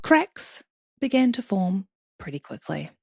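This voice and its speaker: A woman's voice: mid-range voice, sing-song, unhurried, gravelly, slight background noise. A woman hosting a true crime podcast, telling the story in a chatty, joking way with some swearing. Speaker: podcast host.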